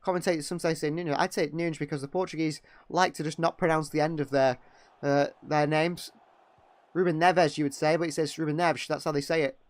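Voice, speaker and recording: A young man giving partisan live fan commentary on a match, excitable and quick to criticise players. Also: a little high, no room sound. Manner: excitable, exclaiming at big moments, critical of players.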